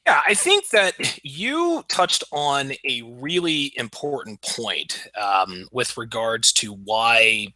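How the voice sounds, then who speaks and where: A man hosting a casual podcast chat, talking in a crude, mocking, animated way. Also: mid-range voice, slow pace, hardly any pauses, dry recording, poor audio. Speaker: podcast host.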